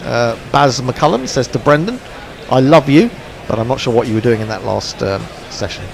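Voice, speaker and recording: A man doing relaxed ball-by-ball cricket commentary on an internet radio stream, chatty and dry, with plenty of fillers. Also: mid-range voice, moderate pace, vocal fry. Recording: faint background noise.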